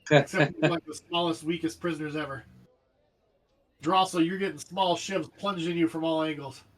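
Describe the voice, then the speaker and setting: A man narrating a tabletop game as game master, animated and jokey, describing the action vividly. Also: on the high side, moderate pace. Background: faint background music.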